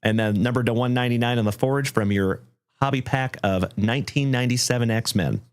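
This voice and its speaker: A man hosting a livestream trading card break, thanking viewers effusively and calling out cards with excitement. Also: mid-range voice, a little fast, clear, resonant tone. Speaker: live card break host.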